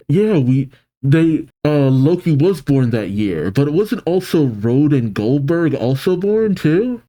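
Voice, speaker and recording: Animated man reacting to a manga. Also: a little high, slow pace. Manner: animated, reads aloud and reacts. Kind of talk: casual reaction commentary.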